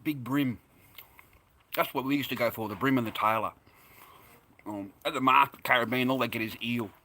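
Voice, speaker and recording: Australian bloke vlogging, rambling and chatty, bright tone, easy laugh. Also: male voice, mid-range voice, normal speed. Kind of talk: casual chat to camera.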